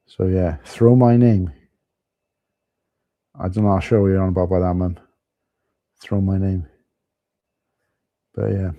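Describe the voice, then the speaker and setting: Man, Welsh accent, low voice, very warm dark tone, casual livestream chatter. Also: no echo. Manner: chatty, greets viewers by name, rambling asides. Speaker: livestream host. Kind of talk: casual live-stream chat. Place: at home.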